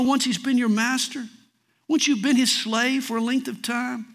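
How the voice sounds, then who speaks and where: Male pastor, high and animated delivery, unhurried, folksy sermon style. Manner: folksy, dramatic swings between loud and soft.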